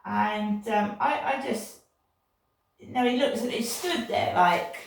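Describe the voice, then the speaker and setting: Gravelly older woman, slow and echoey. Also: on the high side, lively intonation. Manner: indignant, repetitive, digressive. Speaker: vlogger. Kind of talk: casual rambling monologue. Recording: echoey room, distant from mic.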